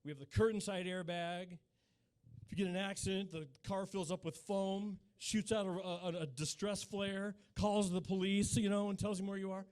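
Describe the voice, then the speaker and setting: A man's voice: sits high, steady tone, normal speed, darkish tone, clean tone. A man in his forties from Utah doing live stand-up comedy on a small cafe stage, chatting with the crowd and riffing in a mock-incredulous way. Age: 40s.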